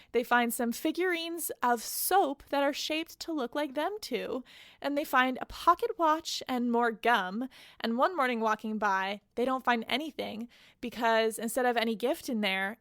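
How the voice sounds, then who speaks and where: A woman's voice: on the high side, a bit bright, no echo, studio quality. A woman hosting a podcast, retelling a novel's plot in a casual, chatty way with personal asides. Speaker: podcast host. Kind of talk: casual book recap.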